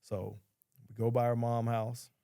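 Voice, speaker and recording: A man's voice: mid-range voice, flat delivery, measured pace, dark tone, clean tone, no echo, clean studio sound. A man, a podcast guest telling a story in a casual, blunt, profane way and quoting others as he goes.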